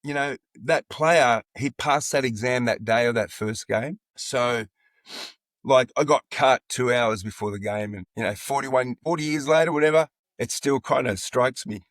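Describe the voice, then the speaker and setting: An Australian man in his sixties tells stories in a relaxed, conversational way. He acts out other people's lines as he goes. His mid-pitched voice is recorded dry and close. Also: moderate pace, no echo. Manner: animated anecdotes, acting out quoted dialogue. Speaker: football coach, podcast guest. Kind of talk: casual storytelling in an interview.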